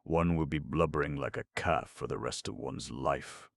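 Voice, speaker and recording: A man's voice: very deep voice, normal speed, gravelly, no echo, clean studio sound, heavily acted. A man voicing an embarrassed, exasperated young man who grumbles back defiantly. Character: sulky, exasperated young nephew.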